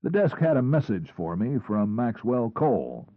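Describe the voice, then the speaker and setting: Husky male narrator on a tinny line. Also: mid-range voice, very animated, moderate pace, no echo. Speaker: audiobook narrator. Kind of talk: first-person scripted narration. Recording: tinny phone-like, husky, dry.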